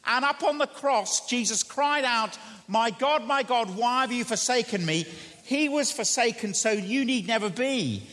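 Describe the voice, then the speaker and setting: A man preaches a sermon in an earnest, questioning way, repeating his key phrases. His voice sits high and swings widely in pitch. The sound carries a long church reverb. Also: fairly bright tone.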